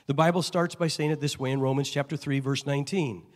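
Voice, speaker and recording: A middle-aged man from Chicago, a pastor preaching a sermon and telling stories with acted-out dialogue, swinging between loud and hushed delivery. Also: mid-range voice, steady tone, quick pace, hardly any pauses. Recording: long reverb of a large hall.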